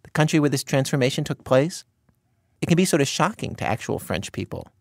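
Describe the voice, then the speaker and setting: A man hosting a radio documentary, reading scripted narration and asking measured, curious questions. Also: medium pitch, sing-song, gravelly, no room sound, studio quality. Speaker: radio host.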